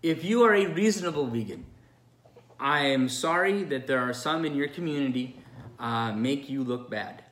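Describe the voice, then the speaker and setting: A man's voice: medium pitch, expressive, normal speed, fairly bright tone. Earnest rambling male pastor, roomy echo. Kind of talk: unscripted video message. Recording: echoey room.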